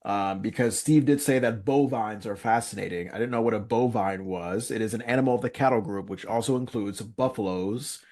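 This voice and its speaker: A man's voice: lowish voice, fairly quick, hardly any pauses, darkish tone. A young man co-hosting a casual podcast, chatting animatedly, often laughing, swearing and acting out lines from a sitcom in put-on voices. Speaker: podcast co-host recapping a sitcom. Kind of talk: casual chat.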